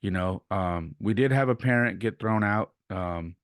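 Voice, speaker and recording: A podcast host and coach tells a story in a relaxed, chatty way and acts out both sides of a conversation. His voice sits very low. The sound is dry and close, with no room in it. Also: measured pace, no echo. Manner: animated retelling, acts out quoted exchanges. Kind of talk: casual storytelling monologue.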